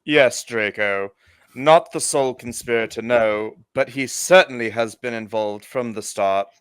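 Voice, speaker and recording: A man voicing a stern, proud older wizard father, in a measured, formal way, in an amateur read-through of a fan script. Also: medium pitch, a bit bright, smooth, no room sound, close to an everyday voice. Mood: grave.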